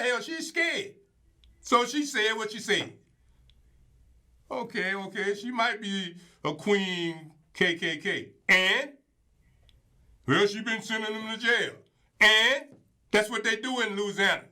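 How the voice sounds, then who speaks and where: A man's voice: high voice, pushed and bright. A man giving opinionated casual commentary as show host, emphatic and colloquial, repeating words for stress.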